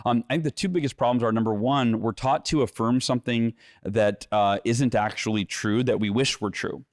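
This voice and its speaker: A middle-aged man speaking as an interview guest, animated and earnest, slipping into little acted-out voices to make his points. His voice sits at an ordinary middle pitch. The studio sound is dry and close, with no room around it. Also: normal speed, dry recording. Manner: energetic, acts out inner voices and quotes; repeats words when restarting. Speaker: author and guest. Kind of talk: conversational interview, teaching.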